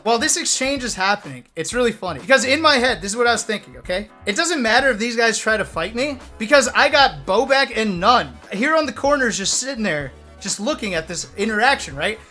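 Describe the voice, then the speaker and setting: A man with a high, bright voice tells a story to his stream chat. He talks in a casual, animated way, cursing freely and tossing "right?" at his viewers. Soft music plays faintly behind him.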